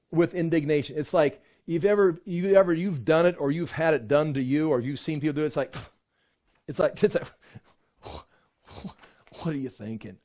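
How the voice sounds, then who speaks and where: A man leads a Bible study in an informal, animated way. His voice sits a little high, and he acts out the people he quotes, with his pitch climbing as they grow indignant. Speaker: Bible teacher.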